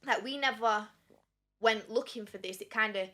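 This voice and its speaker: A woman's voice: a little high, normal speed. A young woman with a Yorkshire accent, a singer telling stories as a guest in a casual sit-down interview and acting out the dialogue. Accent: Yorkshire English. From Sheffield, England. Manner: animated, acts out quoted dialogue. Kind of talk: casual storytelling.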